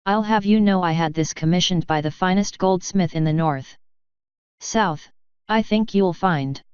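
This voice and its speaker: A haughty, affected young griffin lady who puts on airs and gets flustered when caught out, as a woman reader puts her on. The voice is low, smooth and clear, with a slightly dull, dry sound. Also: darkish tone, no room sound, natural voice. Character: young female griffin, pretentious social climber.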